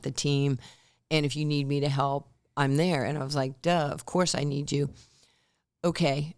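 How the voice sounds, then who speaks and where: A woman in her sixties, a former basketball player, telling stories as a podcast guest and acting out the quotes. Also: low-pitched. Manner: animated storyteller who acts out quotes. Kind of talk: storytelling in a podcast interview.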